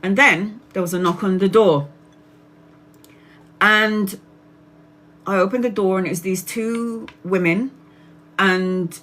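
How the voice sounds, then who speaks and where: Bright-voiced chatty woman livestreamer. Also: fairly low pitch. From Brazil. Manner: chatty, laughs often, acts out quoted voices. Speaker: tarot reader livestreamer. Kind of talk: casual personal storytelling.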